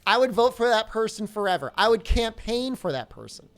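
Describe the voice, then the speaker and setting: Animated joking male game streamer. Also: high voice, fairly quick. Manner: joking, rambling, reads chat questions aloud. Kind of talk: casual live-stream chat.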